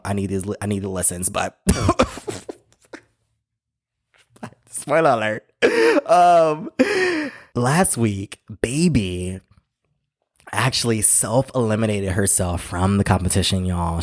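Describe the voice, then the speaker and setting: A man hosting his own podcast, chatting in a playful, slangy, animated way and laughing often. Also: on the low side, dry recording, studio quality. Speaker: podcast host. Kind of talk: casual solo podcast chat.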